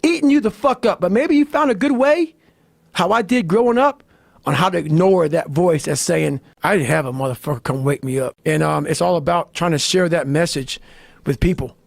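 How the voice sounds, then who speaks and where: A middle-aged man talks in a raised, gravelly register, close and dry on the mic. He is blunt and swears constantly as he pushes a hard-edged motivational message. His delivery lurches from low growls into sudden shouted bursts. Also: moderate pace, dry recording. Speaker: motivational speaker. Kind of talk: intense profane monologue.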